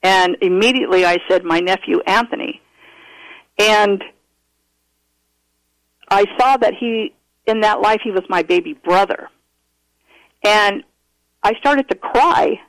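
A man calling in to tell a personal story, earnest and animated, often restarting his sentences. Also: sits high, slow pace, pauses often, no room sound, rough recording. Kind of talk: casual storytelling interview.

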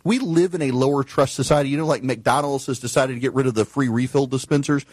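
A man's voice: mid-range voice, fast, dry recording. A man hosting a talk show, telling stories in an exasperated, ranting monologue. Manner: exasperated, laughing, storytelling.

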